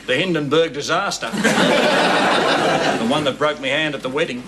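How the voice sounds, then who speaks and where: A grumpy, bigoted Australian father holds forth in a gruff, blustering voice. His pitch sits a bit high and swings widely as he mocks those around him. The sound is a noisy sitcom soundtrack. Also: lively intonation, measured pace. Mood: scornful. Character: grumpy, bigoted, boastful middle-aged Australian dad. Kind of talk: sitcom acting.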